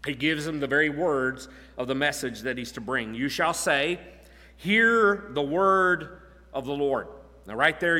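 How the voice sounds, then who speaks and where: An earnest man preaching an expository sermon, leaning on repeated phrases for emphasis. His voice sits a little high and sounds bright and forceful, carried by a long hall reverb. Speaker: pastor.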